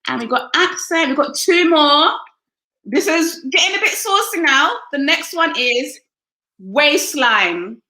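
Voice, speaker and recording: A woman's voice: sits high, expressive, takes it slowly, pushed and bright. A woman hosting an interview in a casual, upbeat and teasing way. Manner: upbeat, teasing, laughs often. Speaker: interview host. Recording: roomy echo.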